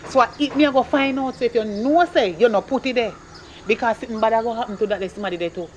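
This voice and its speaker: A performer playing a stern, broke Jamaican mother who scolds her son in rapid patois. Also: medium pitch, slight background noise, lightly acted. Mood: scolding. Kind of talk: comedy skit acting.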